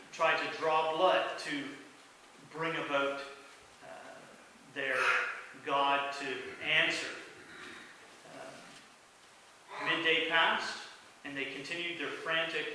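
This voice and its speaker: A male pastor delivers a storytelling sermon at an unhurried, deliberate pace. His voice sits a little high and sounds bright. The recording comes from a distance in a very echoey church, with a faint hiss underneath. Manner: storytelling, acts out quoted lines with sudden rises. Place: church sanctuary.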